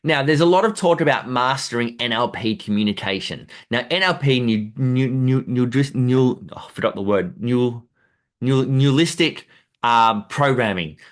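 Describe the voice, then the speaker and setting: Guy coaching photographers on selling, rambly and repetitive, jumps way up in pitch acting stuff out. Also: normal speed. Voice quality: animated, acts out examples with sudden high jumps. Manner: repetitive, loose phrasing with fillers. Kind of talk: teaching talk on sales.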